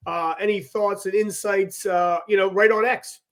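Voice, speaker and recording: A man with a notably high voice chats casually as a co-host. He sounds upbeat and agreeable, keen to back up his partner. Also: fairly even intonation, normal speed, fairly bright tone. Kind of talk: casual podcast chat.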